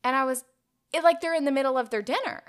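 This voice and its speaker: A woman's voice: sits high, fast talker. A woman in her twenties telling a story in a casual podcast chat. She talks in a chatty way and leans on "like" as a filler. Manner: chatty, heavy use of "like" fillers. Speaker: podcast co-host.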